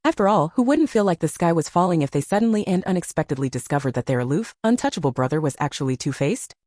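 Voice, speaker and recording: Woman reading a romance story, kinda low voice, dry sound, pitch moves a lot. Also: animated, quick pace, darkish tone, no echo. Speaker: narrator. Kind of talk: scripted narration of a romance novel.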